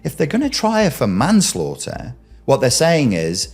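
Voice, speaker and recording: A man hosts a commentary and makes his case emphatically. His pitch rides up and down with lively swings as he presses rhetorical questions on the listener. Faint music plays behind him. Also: normal speed, husky. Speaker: commentary host. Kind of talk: argumentative commentary.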